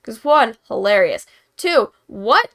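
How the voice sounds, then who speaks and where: A woman's voice: a little high, big pitch swings, slow, gravelly, a bit bright. A young woman hosting a casual live-stream hockey chat, rambling and giggly while she paints as she talks. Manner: rambling, giggly, self-deprecating. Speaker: host.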